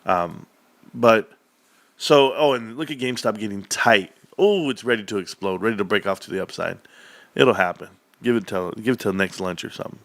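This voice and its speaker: Man, 40s, livestream host, casual chat, lively storyteller, dry close sound. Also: lowish voice, normal speed, dry recording. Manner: animated storyteller, acts out quoted voices.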